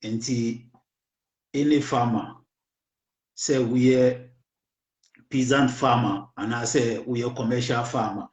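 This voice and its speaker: A hoarse man with a Ghanaian accent hosting a talk show, speaking slowly and haltingly and often switching into English. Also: mid-range voice, fairly even intonation, a little mellow, roomy sound, poor audio. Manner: slow, halting, mixes English into Twi. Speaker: radio show host. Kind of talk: casual political talk.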